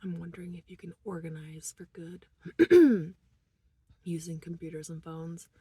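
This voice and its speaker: A distressed woman vlogger talking through a personal monologue in a halting, emotional way, moving between quiet murmurs and shaky laughter. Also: on the low side, fairly even intonation, husky, no echo.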